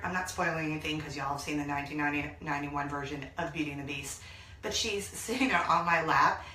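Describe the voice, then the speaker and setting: A woman in her thirties hosting a casual vlog from a small laundry room, talking excitedly and gushing to her viewers. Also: on the low side, a little hiss or hum. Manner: gushing, excitable, bursts into song. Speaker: vlog host. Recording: echoey small room, mic at a distance.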